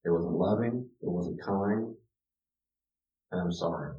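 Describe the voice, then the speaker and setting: A low-pitched man teaches parents in a casual, storytelling way, often restarting his sentences and jumping from muttered asides to loud, emphatic points. He sounds distant from the mic, with the room echoing around him. The sound is dull. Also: takes it slowly. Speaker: counselor teaching a parenting class. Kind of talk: informal teaching talk with personal stories.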